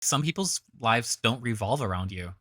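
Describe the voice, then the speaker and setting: A foul-mouthed reaction commentator fires off sarcastic, scornful asides. The voice is bright and sharp-edged and sits at a middle pitch. It is recorded dry and close, with no room sound. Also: lively intonation, normal speed, no echo.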